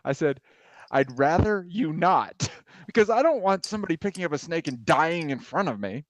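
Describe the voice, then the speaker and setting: A man's voice: on the high side, big pitch swings, fast talker, no room sound. A man, co-hosting a podcast, telling stories in a rambling way and laughing often. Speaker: podcast co-host. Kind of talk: casual storytelling chat.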